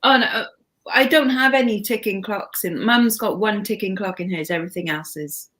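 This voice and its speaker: A woman's voice: mid-range voice, moderate pace, a bit bright. Chatty woman, filler-heavy. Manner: chatty, lots of fillers like "like" and "you know". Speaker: livestream co-host. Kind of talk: casual chat.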